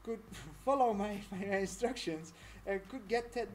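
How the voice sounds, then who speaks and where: A chatty woman streams a relaxed tutorial at a middle pitch, rambling between topics. She often laughs at herself as she talks. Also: measured pace. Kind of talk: casual live-stream tutorial chat.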